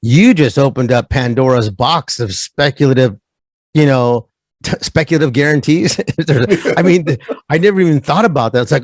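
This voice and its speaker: A man's voice: medium pitch, moderate pace, no echo. A man who is a guest on a casual podcast, talking animatedly and slipping into mocking voices of other people.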